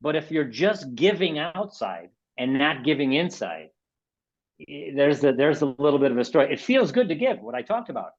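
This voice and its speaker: A man's voice: a little high, sing-song, moderate pace, dull audio. A man in his sixties from the United States presents a webinar in casual, rambling talk, often repeating and restarting words. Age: 60s.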